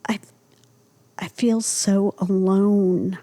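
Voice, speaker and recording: A middle-aged woman from Ohio, an artist and professor, telling a story in casual conversation and acting out the dialogue. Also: very slow. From Ohio, USA. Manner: animated storyteller, acting out dialogue with pitch jumps. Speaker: artist and art professor, guest.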